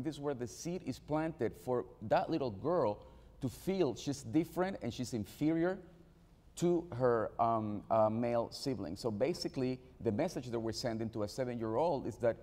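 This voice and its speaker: A man speaking on a panel, telling a personal story in a halting way, with many repeated restarts. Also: mid-range voice, warm tone. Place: event venue on stage. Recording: reverberant hall.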